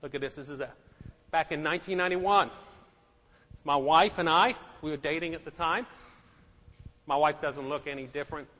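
Middle-aged male preacher, high voice, emphatic, repeats himself; hall echo. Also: normal speed, long pauses, pushed and bright. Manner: emphatic, repeats words, asks the congregation questions. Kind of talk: sermon. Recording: echoey hall.

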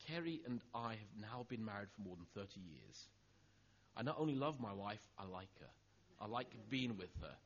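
A middle-aged man preaching a sermon, telling a personal story and acting out the dialogue, going soft and low on the tender lines. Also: sing-song, moderate pace, slightly rough, lo-fi sound.

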